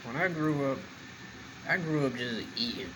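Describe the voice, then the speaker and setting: Animated and medium-pitched, a man chats casually while eating slowly on camera, often speaking with his mouth full. He is a mukbang vlogger, and the background is noisy.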